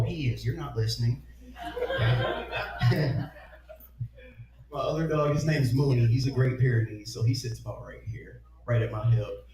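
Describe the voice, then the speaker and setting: A man doing a crude stand-up set, often laughing at his own jokes. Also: medium pitch. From Detroit, USA. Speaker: stand-up comedian. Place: comedy venue with laughing audience. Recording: echoey room, heard from far off, audience noise.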